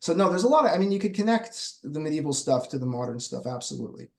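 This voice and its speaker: A man's voice: a little high, sing-song, fast, creaky. A man hosting a podcast interview, chatting casually in loose, filler-heavy fragments. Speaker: podcast host.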